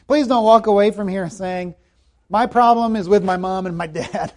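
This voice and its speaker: A man preaches with a fairly high voice, earnest and emphatic. He repeats key phrases for weight and sometimes sinks to a hushed tone when quoting scripture. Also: moderate pace. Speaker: pastor. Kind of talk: sermon.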